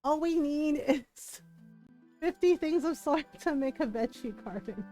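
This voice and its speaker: A woman's voice: sits high, expressive, unhurried, dark tone, soft background music. A young woman streaming a game from home, chatting casually in a rambling way and laughing often. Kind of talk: casual gameplay chat.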